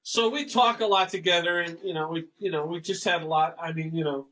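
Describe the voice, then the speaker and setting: An older man recounts his memories in a loose, rambling way and acts out the lines he quotes from others. His voice sits a little high and sounds bright and forceful. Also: fairly quick, low-quality recording. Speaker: guest musician. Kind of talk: casual storytelling interview.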